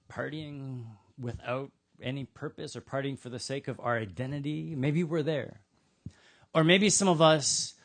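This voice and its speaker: Male pastor, sermon, casual and funny, story-driven, mid-pitched voice. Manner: conversational, humorous storytelling. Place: church in Austin, Texas.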